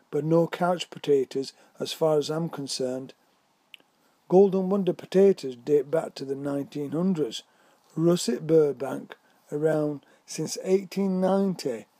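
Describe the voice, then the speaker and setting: A man narrating a whimsical story in a measured reading voice. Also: on the high side, warm tone, slightly rough, dry recording.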